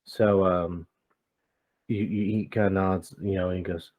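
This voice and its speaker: A male game master running a tabletop game, with a deep, mellow voice. He narrates casually and hesitantly, with frequent fillers and restarts, and his speech sounds close and dry. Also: steady tone, unhurried, dry recording.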